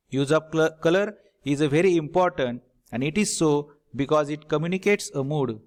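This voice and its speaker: Instructive male lecturer, slightly high voice. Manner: instructive, addresses viewers directly. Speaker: teacher trainer. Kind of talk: recorded lecture over slides.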